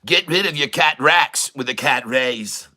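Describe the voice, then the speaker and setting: A man's voice: mid-range voice, measured pace, bright, forceful tone. A middle-aged man hosting a casual livestream, cracking puns and laughing often. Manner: jokey and pun-loving, laughs often. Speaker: livestream host.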